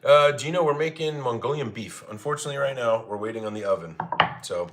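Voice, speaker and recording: A man's voice: mid-range voice, fast talker, slight background noise. A young man hosts a laid-back cooking livestream from his home kitchen. He chats with viewers in a joking, easygoing way and laughs often. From Arizona, United States. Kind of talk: casual live chat reading comments.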